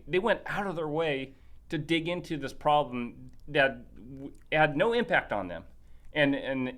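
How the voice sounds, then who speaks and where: Man telling a story on a podcast. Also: medium pitch. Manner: animated, acts out quoted dialogue; many restarts and fillers. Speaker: podcast guest. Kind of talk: casual storytelling chat.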